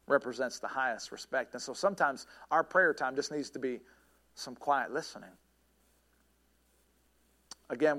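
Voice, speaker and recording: A man's voice: fairly high pitch, fairly bright tone. Earnest man preaching a sermon. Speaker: pastor.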